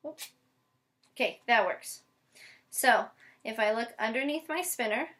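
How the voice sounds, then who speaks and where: A woman's voice: on the high side, a bit bright. Patient woman teaching phonics one-on-one. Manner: patient, spells words out letter by letter; slow, deliberate modeling with frequent check-ins. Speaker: special education teacher.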